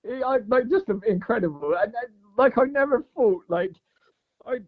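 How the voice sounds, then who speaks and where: On a podcast, a male guest with a very high-pitched voice spins a long fishing yarn at a moderate pace. He's an animated storyteller in casual chat, leaning constantly on "mate" and "like." The audio is dull, lo-fi podcast quality.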